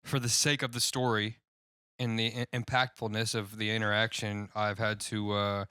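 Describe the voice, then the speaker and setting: A male podcast host from Indiana keeps the chat loose and joking and laughs often. His voice is bright and clear. It is recorded dry on a close mic. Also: fairly low pitch, little pitch movement, normal speed, dry recording. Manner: laid-back, jokey, lots of laughing and quoted voices. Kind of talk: casual chat.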